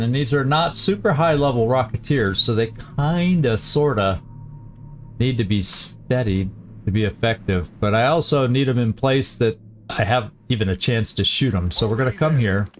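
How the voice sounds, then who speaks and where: A man hosts a strategy game session, thinking aloud about each move and correcting himself as he goes. His voice sits at a middling pitch. Soft game music plays underneath. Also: normal speed. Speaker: gaming channel host.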